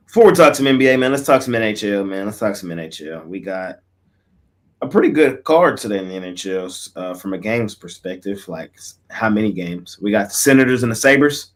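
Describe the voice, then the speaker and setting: Male betting-show host with a lowish voice, easygoing and slangy, tends to mumble his endings. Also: animated, brisk. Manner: laid-back, slangy, trails off quietly. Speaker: sports betting picks host. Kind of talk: casual picks chat.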